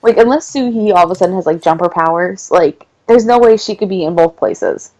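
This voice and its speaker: A woman with a fairly low voice chats casually about a drama. She rambles loosely and keeps the talk light. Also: fairly quick, highs cut off. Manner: relaxed, chatty, rambling with fillers. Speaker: drama review co-host. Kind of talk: casual chat.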